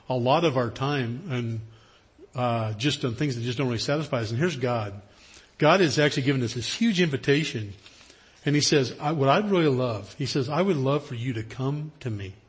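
A middle-aged man preaching a sermon in an earnest, conversational way, often restarting phrases and acting out the voices in a story. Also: mid-range voice. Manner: conversational, earnest, with frequent restarts and acted-out quotes. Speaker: pastor.

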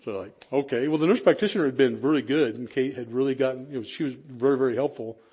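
A man preaching in a relaxed, conversational way, telling a personal story with self-deprecating humor and frequent restarts. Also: medium pitch, fast, husky.

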